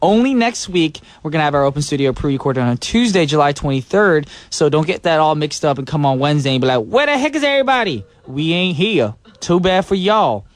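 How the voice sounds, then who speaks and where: A male radio host in a dry, close-miked studio, his pitch jumping around as he banters. He teases his co-hosts and keeps the segments moving in a playful, jokey way. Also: very animated, fairly quick, few pauses, dry recording.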